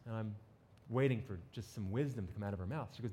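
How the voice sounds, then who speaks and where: A man from New Jersey with a slight New Jersey accent, preaching a sermon as pastor with animated, joking asides to the congregation. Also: medium pitch, quick pace.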